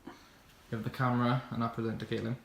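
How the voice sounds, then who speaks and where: A woman's voice: a bass voice, flat delivery, fast, vocal fry. A woman chatting casually and chuckling during a challenge video. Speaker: challenge player. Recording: roomy, distant, noisy.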